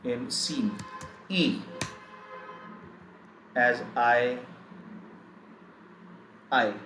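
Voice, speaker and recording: Slow, deliberate man teaching German. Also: medium pitch, bright, forceful tone, faint music behind. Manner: slow, repeats each word several times. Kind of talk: live online language lesson. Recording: echoey room, faint background noise.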